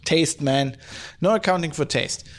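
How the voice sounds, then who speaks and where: A man hosting his own podcast in a casual, rambling, profane way, hoarse from hay fever, with many fillers and restarts. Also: a little high, unhurried, slight background noise. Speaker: podcast host. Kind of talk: casual solo podcast, reading listener mail. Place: at home, lives in Germany.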